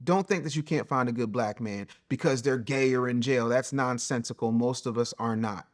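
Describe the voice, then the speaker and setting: A middle-aged man hosting a solo advice show, blunt and preachy, swinging between loud jabs and low, quiet asides. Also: moderate pace. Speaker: host and relationship coach. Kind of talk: solo advice monologue to camera.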